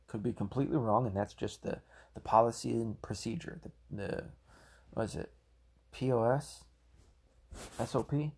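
Gravelly, profane man ranting. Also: medium pitch. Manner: heated, profane, rambling. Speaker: political commentator. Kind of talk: ranting solo commentary.

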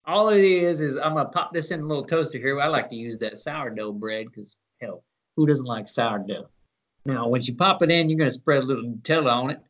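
A hammy, drawling country cook with an American Southern accent, as a man puts him on. He talks quickly and brightly, showing off his dish for the camera. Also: medium pitch, lightly acted. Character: folksy Southern male country cooking show host.

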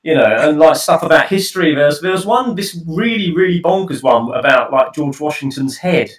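A man's voice: a little high, expressive, normal speed, roomy sound, far from the mic, poor audio. A man co-hosting a radio show, chatting casually and rambling, often correcting himself. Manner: rambling, self-correcting, playful. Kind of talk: casual chat.

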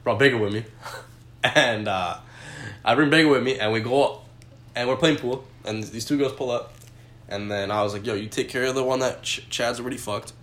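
A man's voice: mid-range voice, normal speed, a bit bright, roomy sound. A young man co-hosting a crude podcast chat, telling stories and laughing a lot. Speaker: podcast co-host.

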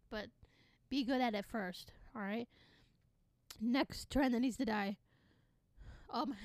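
A teenage girl rants on her own casual podcast, sassy and sarcastic, jumping into loud animated bursts. Her voice sits a little high for a woman. The sound is dry and close to the mic, with no room around it. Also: no room sound. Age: teens. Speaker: podcast host. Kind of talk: casual solo podcast rant.

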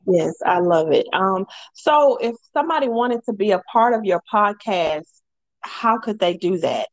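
A woman's voice: mid-range voice, animated, unhurried, dry recording, lo-fi sound. Chatty podcast host woman, dry sound. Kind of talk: casual interview.

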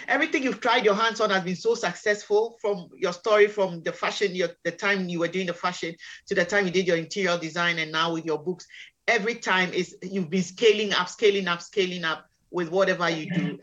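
A woman's voice: lowish voice, brisk, a bit bright. Encouraging woman podcast host, muffled sound. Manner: encouraging, frequent short reactions. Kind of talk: casual interview chat.

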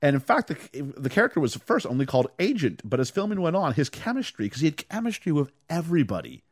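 Male podcast host, animated storyteller, expressive pitch, dry close mic. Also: fast, breathy edge, dry recording. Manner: animated storyteller, acts out lines and hums tunes. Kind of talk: casual chat recapping a film.

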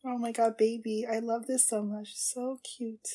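Gushing high-voiced woman host. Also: measured pace, slightly rough. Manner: gushing, excitable, frequent gasps and exclamations; drops to hushed asides at tense moments. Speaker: podcast host. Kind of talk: live anime watchalong reactions.

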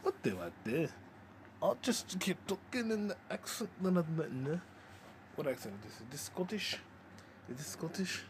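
A man's voice: on the low side, quick pace, few pauses, slight background noise, lightly acted. A man putting on a shaky, made-up Scottish accent, whining and complaining. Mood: whiny. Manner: whiny, complaining about a bumped head.

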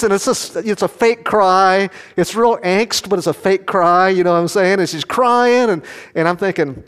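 A man's voice: sits high, expressive, unhurried, clear, resonant tone. An older man preaching a sermon, telling homely family stories and asking the congregation questions. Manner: folksy storytelling, asks the congregation questions. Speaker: pastor. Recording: long reverb of a large hall.

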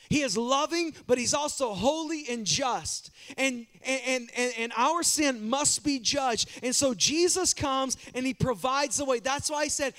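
A male pastor preaching a sermon in a church, animated and direct with the congregation, often repeating words as he builds a point. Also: extremely high pitch.

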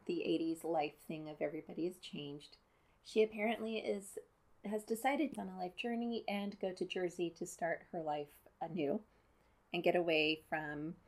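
A woman's voice: fairly low pitch, fairly even intonation, unhurried, darkish tone. A woman giving casual, sarcastic commentary as she recaps a movie, exasperated and nitpicking.

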